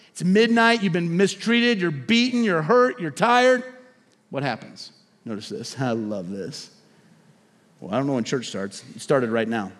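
A male pastor delivering a sermon in a church sanctuary. He pushes up to loud, emphatic peaks, then falls back to hushed, intimate asides. His voice sits high and carries a long reverb tail from the hall. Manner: preaching with swelling emphasis and sudden drops to a hush.

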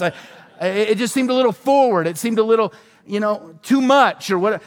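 A male pastor delivers a sermon in a fervent, emphatic way, stacking repeated phrases for force. His voice sits high for a man, and it rings out with the long reverb of a large hall. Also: fairly quick.

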